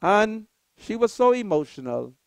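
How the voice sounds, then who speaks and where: Slow, fiery Bahamian woman commentator. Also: medium pitch, very animated, vocal fry, no room sound. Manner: slow, preacherly, rising to shouted appeals. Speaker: political commentator, show host. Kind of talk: impassioned political monologue.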